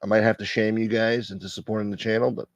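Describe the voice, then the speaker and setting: A man hosting a livestream as a mock preacher, loud, joking and animated, chatting casually to his viewers. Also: lowish voice, quick pace, no echo, dull audio. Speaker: livestream host.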